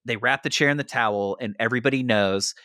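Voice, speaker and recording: Young guy podcast host, excited storytelling, lots of "like", dry close sound. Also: medium pitch, fast talker, no room sound. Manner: animated retelling, heavy use of "like". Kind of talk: casual storytelling chat.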